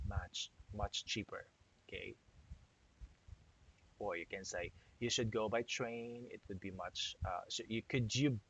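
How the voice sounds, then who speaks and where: A man's voice: lowish voice, vocal fry, slightly rough. A man teaching an English grammar lesson, explaining step by step and often checking in with "okay?". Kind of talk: grammar lecture. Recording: dull lo-fi recording.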